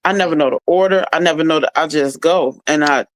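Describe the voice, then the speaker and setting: A woman's voice: sits low, fast talker, dry recording. A woman comedian talking as a podcast guest, blunt and profane, telling stories in casual slang.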